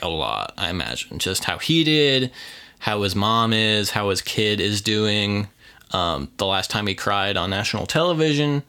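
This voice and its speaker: Pria santai yang suaranya cerah. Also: male voice, lowish voice, sharp tone. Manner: rambling, filler-heavy, dry joking. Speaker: podcast co-host. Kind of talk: casual movie review chat.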